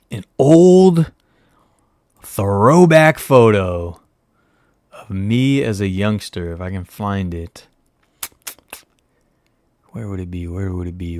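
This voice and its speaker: On a clean studio recording with no echo, a man whose voice sits low and darkish hosts a casual stream, rambling and self-mocking as he chats with his viewers while searching.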